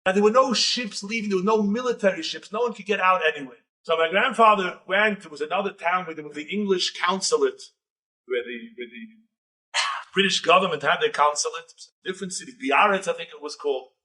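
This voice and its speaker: Rabbi storyteller, man, bright, forceful delivery, lively dramatic build. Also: high-pitched, fast, far from the mic. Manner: animated, building dramatic tension. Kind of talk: storytelling lecture.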